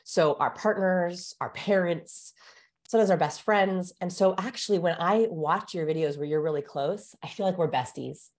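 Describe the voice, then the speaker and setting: Woman guest with a fairly low voice, explains things energetically like a teacher. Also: normal speed. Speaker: guest communication researcher. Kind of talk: explanatory interview talk.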